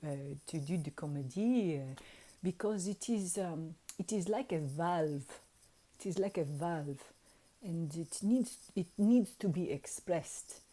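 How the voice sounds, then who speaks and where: A woman voicing a calm, gentle male spiritual reader who speaks slowly and haltingly, with a slightly lower voice than her own. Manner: slow, careful, halting phrasing.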